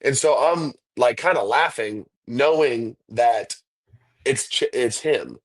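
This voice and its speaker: This professional football kicker, a man with a medium-pitched voice and slow pace, chats casually as an interview guest. He's laid-back and rambles through his stories, saying "like" and "dude" a lot.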